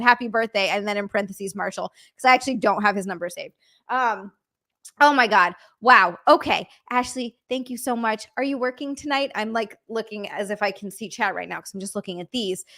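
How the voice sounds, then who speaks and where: A young woman streamer, excitable and gushing, swearing as she reads out viewer messages and thanks them on a live stream. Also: mid-range voice, a little fast. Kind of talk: live stream, reading out super chats.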